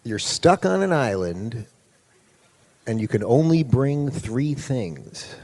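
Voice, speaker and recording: A man's voice: mid-range voice, very animated, takes it slowly, a little mellow. A man moderating a live stage question session, reading out audience questions in a playful, teasing way. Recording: reverberant hall on stage.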